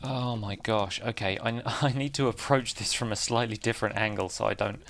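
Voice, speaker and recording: A man with a low, gravelly voice talks through his gameplay in a relaxed, chatty way. He laughs at himself a lot. Faint keyboard clicking sits under his voice. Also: normal speed, a little hiss or hum. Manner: chatty, self-deprecating, laughs often. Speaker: Minecraft let's-play host. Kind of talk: casual gameplay commentary.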